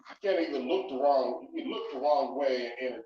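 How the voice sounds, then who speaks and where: A man's voice: mid-range voice, moderate pace. A man on a casual online talk show, speaking in an emphatic, mocking tone. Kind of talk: heated opinion rant. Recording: roomy, distant, dull audio.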